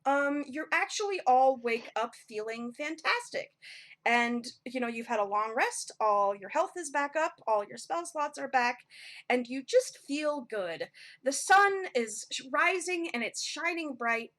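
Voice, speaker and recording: A woman game master narrates a tabletop game in a slow, relaxed way, with frequent ums along the way. Her voice sits a little high and sounds bright and forward.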